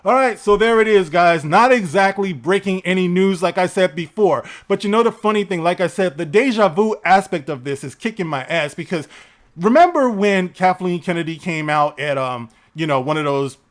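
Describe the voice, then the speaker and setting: Male vlogger with a high voice, sarcastic and profane in his commentary. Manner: sarcastic, profane, laughs often. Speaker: entertainment news vlogger. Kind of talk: ranting commentary.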